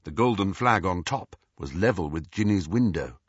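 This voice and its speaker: Husky man narrating an audiobook. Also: low-pitched, expressive, moderate pace, no room sound. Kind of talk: audiobook reading. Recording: dull, slightly muffled dry audio.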